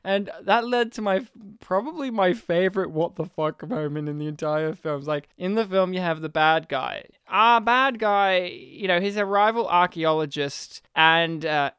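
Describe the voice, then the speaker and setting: Sweary Australian man, smooth dry voice. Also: high voice, moderate pace, few pauses, no room sound. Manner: animated, laughing, sweary storytelling. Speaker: podcast co-host. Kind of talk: casual movie-review chat.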